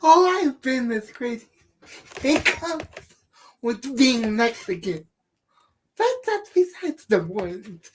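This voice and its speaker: Woman, casual stream chat, blunt, sweary, slow-paced. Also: on the high side, sing-song, breathy edge. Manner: blunt and sweary, laughs often. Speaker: live stream co-host.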